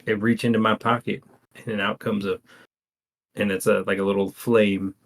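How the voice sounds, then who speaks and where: A man's voice: lowish voice, level tone, measured pace. A man playing a tabletop game, describing his character's action in a casual, laughing way. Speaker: player.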